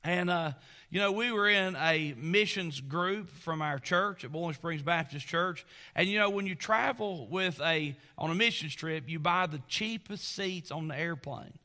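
A middle-aged man preaching a sermon, telling a folksy story in an animated way. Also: on the high side, unhurried. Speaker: pastor.

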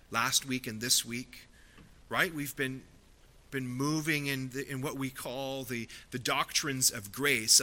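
Guy preaching a sermon, super bright tone, earnest, builds to big emphatic bits. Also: medium pitch. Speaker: pastor.

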